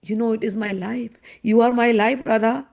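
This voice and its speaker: A woman's voice: fairly high pitch, fairly even intonation, normal speed, vocal fry, a little mellow. A woman voicing a young male god who pleads tearfully and searches anxiously for his lost flute. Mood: tearful pleading. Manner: pleading, tearful, repeated questions.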